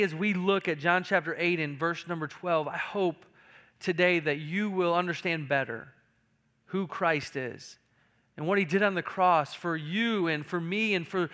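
A man's voice: a little high, a bit bright. A man preaching a sermon as pastor, emphatic, with repeated words and rising intensity.

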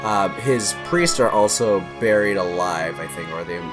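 A young man casually recapping a film on a podcast, animated and laughing as he tells the story. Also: fairly low pitch, normal speed, over music.

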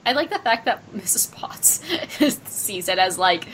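A woman co-host in a casual movie discussion, her voice bright and forceful at a medium pitch. She recaps the story with energy and drops into playful quoted lines, with a faint rumble in the background. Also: fairly quick, rough recording. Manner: animated, recaps plot, quotes characters playfully. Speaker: podcast co-host.

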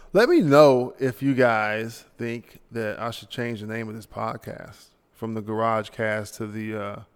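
A man's voice: medium pitch, gravelly, clear, resonant tone, long reverb tail. A man hosting a solo podcast, ranting casually and sounding tired late at night. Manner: casual, ranting, tossing in mock voices. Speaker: podcast host.

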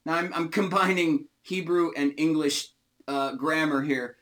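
A man teaching an informal Bible study, explaining words slowly and stressing single words. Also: on the high side, a bit bright. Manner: slow, emphatic, often stressing single words.

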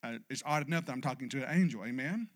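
A man's voice: mid-range voice, racing. A man preaching a sermon as pastor, emphatic and passionate, calling for "amen" from his congregation. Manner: builds to loud, passionate exhortation.

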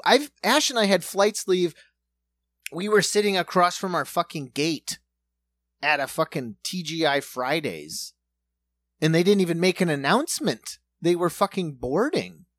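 A man's voice: a little high, lively intonation, a little slow, a bit bright, no room sound. A man in his thirties telling comedic travel stories in casual, profane chat, acting out other people's lines. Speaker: podcast co-host.

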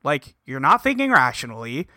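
A man doing a calm, placating mentor. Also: mid-range voice, normal speed, no room sound, clean studio sound, pitched below the performer's own voice.

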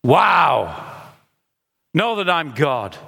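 Husky slow-preaching man in a hall. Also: sing-song, pushed and bright. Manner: impassioned, builds to high-pitched emphatic runs. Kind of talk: sermon.

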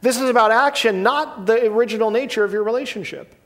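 High-voiced man preaching in a reverberant hall. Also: fast talker, a bit bright. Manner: conversational, asks the room "right?" and "okay?". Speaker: pastor. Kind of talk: sermon.

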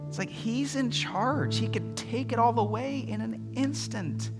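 A man in his thirties, a pastor giving a sermon in an animated, conversational way, telling stories with humor. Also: very high-pitched, a little slow, loud music behind the voice.

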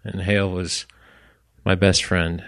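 A man from Orlando, Florida, with a low, gravelly, slightly bright voice speaks slowly and in a level tone. On stage at a bar venue, he tells a live audience a personal story, chatty and self-deprecating, with apologetic asides.

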